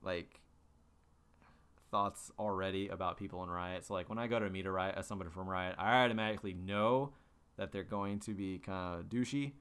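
A man's voice: sits low, steady tone, a little fast, fairly bright tone, clear, resonant tone. A young man hosting a podcast, telling stories in a loose, rambling way full of fillers and restarts. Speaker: podcast host. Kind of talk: casual monologue.

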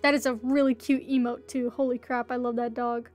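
A woman's voice: fairly high pitch, little pitch movement, brisk, darkish tone, faint music behind. A woman livestreaming a game, chatting casually and playfully pleading with other players. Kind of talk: casual gameplay livestream chat.

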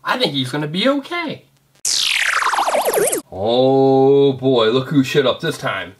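A man's voice: mid-range voice, very animated, takes it slowly, loud music behind the voice. A middle-aged man narrating a kids' toy review, chatty and asking the viewer questions.

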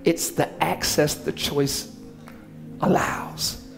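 A man preaching a sermon as pastor in a church, animated, with slangy asides and sudden shouted passages. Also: a little high, very slow, vocal fry, soft background music. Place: church sanctuary.

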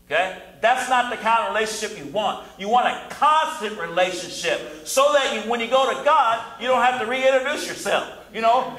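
A man preaches in an easy, conversational way. He repeats short refrains and acts out prayers in his own voice. His voice is bright and sharp, and the church room echoes around him. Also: very high-pitched, lively intonation, moderate pace, hardly any pauses. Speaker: pastor. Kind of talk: sermon. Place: church sanctuary.

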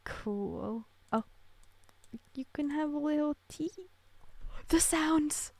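Young female gamer, excitable and gushing; high, gravelly edges, close dry mic. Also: slow, no room sound. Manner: gushing, excitable, coos at tiny characters. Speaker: gaming creator. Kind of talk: casual gameplay commentary.

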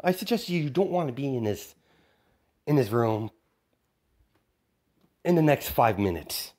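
A man's voice: mid-range voice, lively intonation, measured pace, a little mellow, voice pushed up. A man voicing a gleeful villainous boy, the Joker's son, in a taunting, cheerfully menacing manner. He is telling a casual homemade story.

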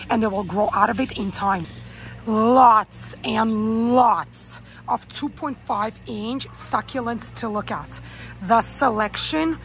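A woman's voice: mid-range voice, fairly bright tone, rough recording. A woman narrating a shop-with-me tour of a store garden center, admiring each item and reading out labels and prices. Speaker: vlogger.

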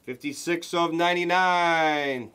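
A man hosting a live card break, calling out pulls to viewers with excited, hyped commentary and the odd swear. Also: a little high, measured pace, clean tone.

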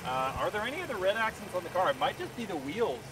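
A man's voice: high voice, big pitch swings, quick pace, distant mic, noisy background. A man hosting a live car Q&A outdoors, talking casually and giving blunt opinions with plenty of fillers, recorded on a phone camera. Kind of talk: casual live-stream chat.

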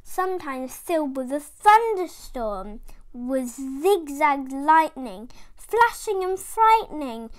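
Woman reading a bedtime story, high voice, takes it slow, sing-song rhymes. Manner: rhythmic rhyming read-aloud, lively character voices.

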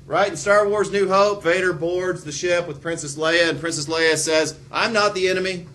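A male history teacher giving an animated lecture with joking, sarcastic asides. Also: fairly high pitch, moderate pace. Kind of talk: classroom lecture.

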